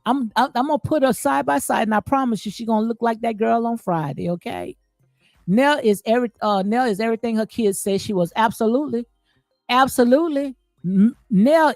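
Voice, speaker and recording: During a chatty reality-show commentary stream, the female host reads live chat, speaking emphatically, repeating herself, and leaning on "okay?" and "absolutely." Her voice is fairly high and a little mellow, dry with no room sound, and light music plays behind her.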